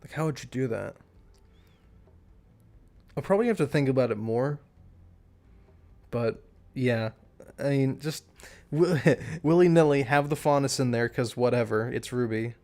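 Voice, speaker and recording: A man's voice: medium pitch, measured pace, pauses often, mellow. A man streaming live, chatting casually in a rambling way, restarting his sentences and laughing at himself.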